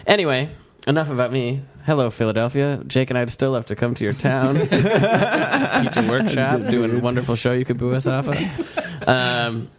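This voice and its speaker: A man's voice: medium pitch, expressive, normal speed. Brief: young male improv host, playful and laughing. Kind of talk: improv comedy and casual chat.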